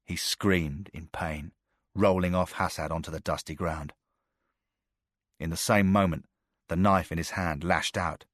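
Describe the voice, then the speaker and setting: A man narrating a thriller audiobook with a steady, measured delivery. His voice sits very low, and the recording is dry and close with no room sound. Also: no room sound.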